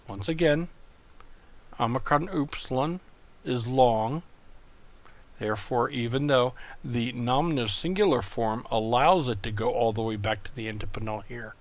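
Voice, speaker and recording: Slow, gravelly man teaching a lesson. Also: medium pitch. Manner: patient, methodical explaining with repeated words. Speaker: Greek tutor. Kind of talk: recorded online lesson.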